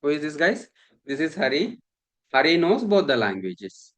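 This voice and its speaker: A man's voice: on the high side, very animated, moderate pace. A man, lecturing a class, repeating points and often asking the students if they follow. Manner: repetitive, checks understanding often. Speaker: instructor.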